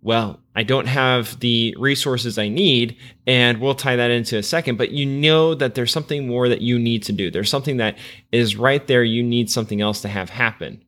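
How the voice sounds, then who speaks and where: A man in a middle pitch hosts an American podcast. He steers the talk in a relaxed, conversational way and keeps the discussion moving. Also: moderate pace. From United States. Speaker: podcast host. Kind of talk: casual podcast hosting.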